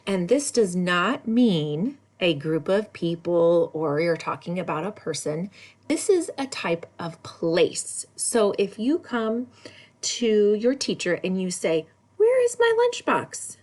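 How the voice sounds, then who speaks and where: A woman teaching a recorded lesson for kindergartners, spelling words slowly in a sing-song way. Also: lowish voice. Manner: slow, sing-song spelling with lively ups and downs. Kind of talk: recorded lesson for young children.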